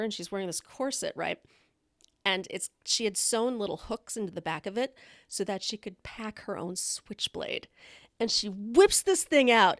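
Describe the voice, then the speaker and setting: A woman hosting a live stream, chatting casually and telling candid stories. Her voice has a gravelly, fry-laden texture at a middling pitch. She is blunt and laughs often, and the sound is dry and close. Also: fairly bright tone, no echo. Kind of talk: casual storytelling chat.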